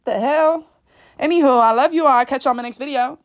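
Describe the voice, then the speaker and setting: A woman's voice: sits high, very fast, lo-fi sound. Woman vlogger, exasperated and cussing freely. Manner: blunt, profane, exasperated. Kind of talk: casual rant to camera.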